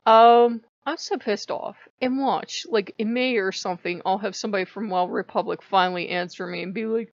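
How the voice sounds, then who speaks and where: This is profane, exasperated venting from a woman in a casual vlog. She speaks in a mid-range voice at a moderate pace with few pauses, and the dry recording has a dull, lo-fi quality.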